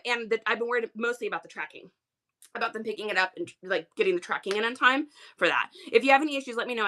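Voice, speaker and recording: A woman hosting a casual reseller livestream, chatty, excitable and full of exclamations. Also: fairly high pitch.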